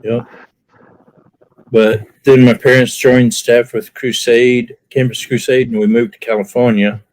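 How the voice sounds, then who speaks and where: Animated, self-laughing male panelist. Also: mid-range voice, a little slow. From Alabama. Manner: animated storyteller, laughs at himself, acts out his reactions. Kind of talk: casual chat.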